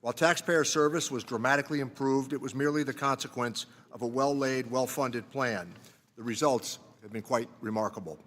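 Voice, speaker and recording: A man, the ranking committee member, reading a measured, formal opening statement at a desk microphone in a large hearing room. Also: mid-range voice, fairly bright tone, long reverb tail. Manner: measured, reading prepared remarks.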